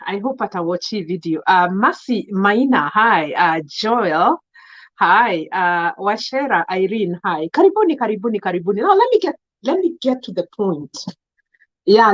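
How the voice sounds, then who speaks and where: A woman's voice: medium pitch, dull audio. A woman with a Kenyan accent hosting a live stream, greeting viewers by name and speaking her mind in an emphatic mix of English and Swahili. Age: adult. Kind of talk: casual live-stream monologue.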